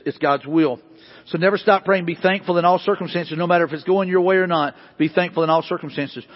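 A male pastor preaching a sermon, repeating questions emphatically and building to loud, rising bursts. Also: high-pitched, breathy edge. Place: church sanctuary. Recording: dull lo-fi hall recording.

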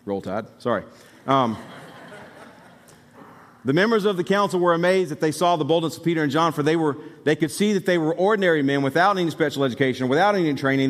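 Pastor from Alabama preaching in a reverberant hall. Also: male voice, on the high side. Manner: conversational, emphatic preaching with asides to the congregation. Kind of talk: sermon. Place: church sanctuary. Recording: long hall reverb from the sanctuary.

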